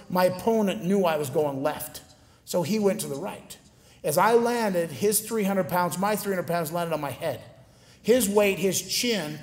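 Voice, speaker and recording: A man giving a storytelling speech to a live audience, animated and acting out the voices of people he quotes. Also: sits high. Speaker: motivational speaker. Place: large gymnasium. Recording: long hall reverb.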